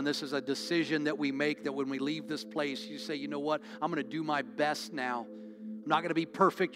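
A man's voice: a little high, background noise. A man preaching as a pastor, leading an altar call with earnest, pleading, repetitive appeals to a congregation in a church. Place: church sanctuary.

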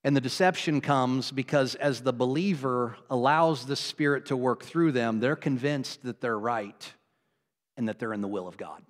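Pastor preaching in a reverberant church. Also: male voice, moderate pace. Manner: swings from loud exclamations to low, quiet asides; laughs between points, conversational. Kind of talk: sermon. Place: church sanctuary. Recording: long hall reverb.

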